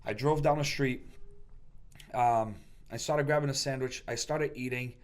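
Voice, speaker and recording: A man's voice: medium pitch, fairly even intonation, unhurried. Earnest man telling a personal story. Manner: earnest, emotional, with frequent restarts. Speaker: podcast guest.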